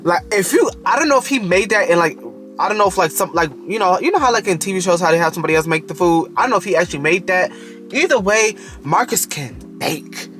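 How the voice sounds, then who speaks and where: A man's voice: high voice, lively intonation, a little fast, fairly bright tone, faint music behind. A man casually reviewing a TV show in a video, talking straight to the characters and often breaking into giggles.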